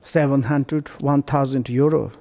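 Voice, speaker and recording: A man's voice: medium pitch, steady tone, measured pace, gravelly, warm tone, in a large hall, voice pushed down. A man voicing a rude male shopkeeper who curtly sends a customer away. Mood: dismissive. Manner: curt, brushing off the customer. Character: rude grown male hat shopkeeper, dismissive.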